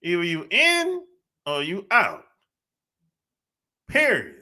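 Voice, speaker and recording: A man's voice: sits high, huge pitch swings, pushed and bright. A man hosting a podcast, talking bluntly in a casual monologue and laughing often. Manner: blunt, laughing often, drawn-out emphatic phrasing. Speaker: podcast host.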